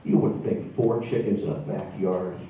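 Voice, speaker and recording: A man's voice: low-pitched, moderate pace, recorded from a distance, noisy background. A man, telling wry, self-deprecating stories to a live audience. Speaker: storyteller. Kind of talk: stand-up storytelling. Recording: echoey room from afar, dull sound.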